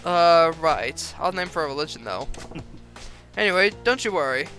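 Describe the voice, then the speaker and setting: A man's voice: on the high side, expressive, normal speed, bright, forceful tone, faint music behind. A man voicing a brash, streetwise yakuza man who talks in a slangy, offhand, cocky way, reading game dialogue aloud.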